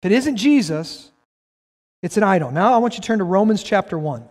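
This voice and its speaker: High-voiced man preaching in a reverberant hall. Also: expressive, fairly quick. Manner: emphatic, rises to shouts, reads scripture aloud. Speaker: pastor. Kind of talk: sermon.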